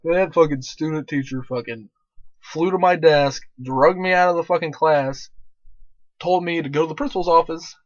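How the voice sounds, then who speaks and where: A man's voice: fairly high pitch, moderate pace, no room sound. A young man casually telling a profane story, laughing and swearing often, with rambling restarts. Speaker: vlogger telling stories. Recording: dull lo-fi dry recording.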